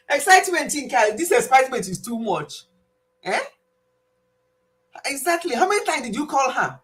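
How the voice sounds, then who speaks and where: A woman's voice: sits high, big pitch swings, normal speed, long pauses. A woman, hosting a casual live stream quiz and playfully scolding a viewer in a chatty way. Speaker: livestream host.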